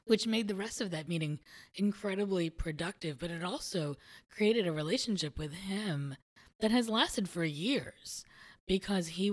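A woman in a relaxed conversation, reflectively telling a personal story and laughing easily. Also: mid-range voice. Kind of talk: conversational podcast chat.

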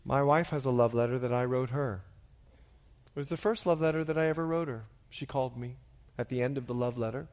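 A middle-aged male pastor preaching a sermon as an animated storyteller, dropping to a hush and then rising to loud, excited bursts. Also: mid-range voice. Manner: animated storyteller, swings from hushed to shouting.

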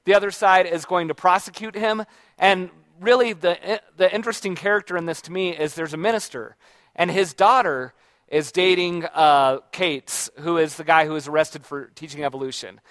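A man's voice: high-pitched, moderate pace, a bit bright, no echo. A man talking casually and reflectively about books he has read, rambling along with frequent restarts and self-corrections. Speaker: book reviewer. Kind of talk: casual book talk.

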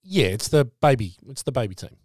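Aussie guy cohosting, talks fast, agrees a lot, dry sound. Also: mid-range voice, expressive, darkish tone, no room sound. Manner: agreeable, quick back-and-forth. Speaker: podcast co-host. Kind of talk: casual sports chat.

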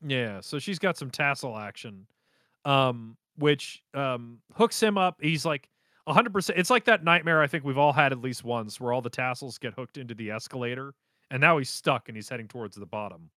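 Bright-voiced man recapping casually. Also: mid-range voice, normal speed, no echo, studio quality. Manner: rambling, animated storytelling with fillers.

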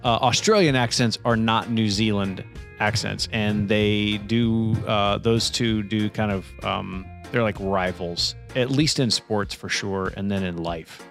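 A man co-hosting a podcast in casual comedic chat, playful, often jumping into high silly exclamations. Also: fairly even intonation, unhurried, vocal fry, fairly bright tone, faint music behind. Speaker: podcast co-host.

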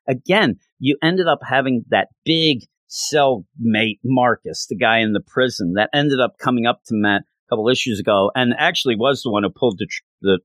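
A man's voice: mid-range voice, a bit bright, no echo. A man reviewing a comic book in a casual, rambling, passionate way, with lots of fillers.

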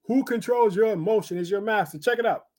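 A man's voice: sits high, a little fast, darkish tone. A male preacher teaching from the Bible in a sermon, exhorting his listeners with frequent rhetorical questions and bursts of interjection. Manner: punctuates with interjections.

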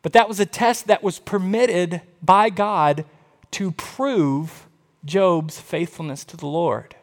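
A man preaching a sermon, telling Bible stories with animated quoted voices. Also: sits high, slow pace. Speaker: pastor. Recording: long reverb of a large hall.

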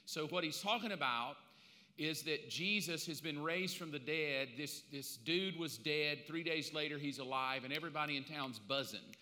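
Pastor in his fifties, slightly high voice with lots of bite, storytelling sermon in a reverberant hall. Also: moderate pace. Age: 50s. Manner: animated storytelling with slangy asides. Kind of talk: casual conversational sermon. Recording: long reverb of a large hall.

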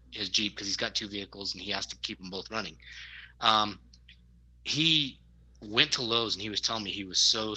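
Guy chatting on a podcast, really bright voice, rambles and restarts a lot. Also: on the low side, low-quality recording. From Arizona, USA. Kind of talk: casual chat.

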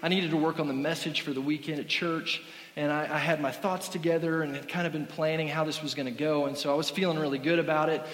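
A male pastor delivering a sermon as animated, self-deprecating stories, with a slightly high voice. The sound echoes through a large church hall with a long reverb tail. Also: fast talker. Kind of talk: sermon with comic storytelling.

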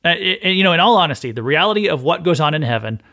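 A male podcast host with a slightly high voice teaches from scripture in a relaxed, talkative manner. He reads a passage, then breaks off to retell it in everyday words and acts out bits of the scene. He often repeats a word when he starts a new thought. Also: very fast, gravelly. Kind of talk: conversational Bible teaching podcast.

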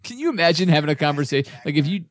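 A man's voice: fairly high pitch, animated, rapid-fire. A man co-hosting a comedy podcast who laughs a lot and riffs playfully on the jokes. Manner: laughs easily, playful riffing. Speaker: podcast co-host.

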